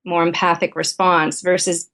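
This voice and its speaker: A woman's voice: fairly low pitch, little pitch movement, moderate pace, a bit bright. A middle-aged woman, a therapist and author, candidly telling a personal story as a guest in an interview. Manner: candid, conversational anecdote telling.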